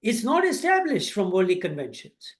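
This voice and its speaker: Hesitant student asking questions. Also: male voice, high voice, wildly swooping pitch, normal speed. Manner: hesitant, many fillers and restarts, pressing a question.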